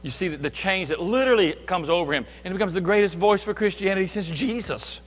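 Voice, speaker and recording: A man preaching a sermon as pastor, emphatic, swinging between loud declarations and hushed asides. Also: high-pitched, quick pace, in a large hall. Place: church sanctuary.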